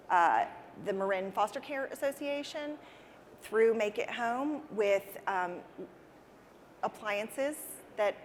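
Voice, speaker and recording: A woman's voice: mid-range voice, slight background noise. A woman answering interview questions in an earnest, conversational way, often repeating words as she restarts a thought. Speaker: interview guest, interior designer. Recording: reverberant hall with faint ambience.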